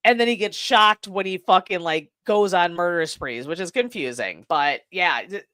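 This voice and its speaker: A woman's voice: lowish voice, normal speed, fairly bright tone, clean tone, no echo, clean studio sound. A woman co-hosting a podcast, retelling a movie plot in casual, profane chat and laughing often. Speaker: podcast co-host.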